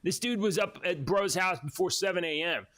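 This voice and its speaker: Male podcast co-host, slightly high voice, casual, jokey news reader. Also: moderate pace, a bit bright, slight background noise. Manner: laughs often, reads with mocking quoted voices. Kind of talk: casual chat, reading news stories aloud.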